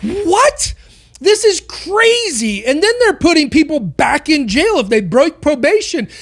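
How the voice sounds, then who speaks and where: A woman's voice: sits high, sing-song, measured pace. A woman hosting a podcast, delivering an impassioned opinion monologue full of rhetorical questions. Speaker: podcast host.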